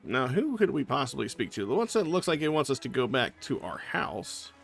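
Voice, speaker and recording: A man's voice: mid-range voice, big pitch swings, fairly quick, vocal fry, a bit bright. A man giving casual gameplay commentary as a let's play host, chatty and thinking aloud. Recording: faint game music behind.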